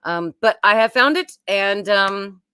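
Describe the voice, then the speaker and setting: A woman's voice: mid-range voice, lively intonation, unhurried, bright, forceful tone, clear, resonant tone, no room sound. A woman, hosting a casual, rambling live-stream chat from home. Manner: chatty and rambling. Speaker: YouTube host.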